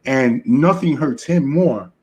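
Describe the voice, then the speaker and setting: A man's voice: mid-range voice, expressive, takes it slowly, a little mellow, slight background noise. A man co-hosting a podcast, chatting casually about relationships and telling stories with frequent "right?" asides. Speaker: podcast co-host.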